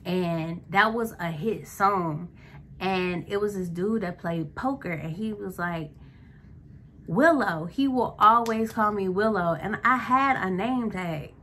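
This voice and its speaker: Woman vlogger, unhurried delivery, tense bright tone, chatty rambling storyteller. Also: medium pitch, a little hiss or hum. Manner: rambling, chatty, with many likes and self-corrections. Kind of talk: casual storytime.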